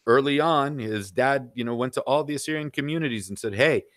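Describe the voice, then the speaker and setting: A man's voice: mid-range voice, a little fast, a bit bright, no room sound, studio quality. A middle-aged man talking bluntly and at length as a podcast guest, peppering his points with "you know". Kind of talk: casual opinionated chat.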